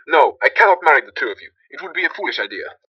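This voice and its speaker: A man voicing a cautious, wise older friar in an amateur animation, speaking in a measured, advising way. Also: a little high, sing-song, no echo, distant mic, muffled recording. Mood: doubtful.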